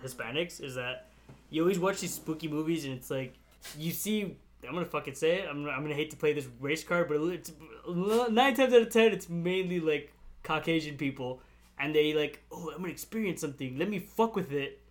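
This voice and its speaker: Excitable young man bantering. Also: fairly high pitch, normal speed. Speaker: podcast co-host. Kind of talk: casual chat.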